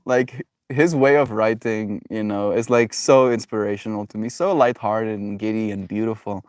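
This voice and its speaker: A man's voice: on the low side, steady tone, moderate pace, few pauses, clean tone, dry recording, clean studio sound. A man live-streaming from home, chatting casually with viewers in a rambling way, full of fillers and frequent laughter. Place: at home with pets.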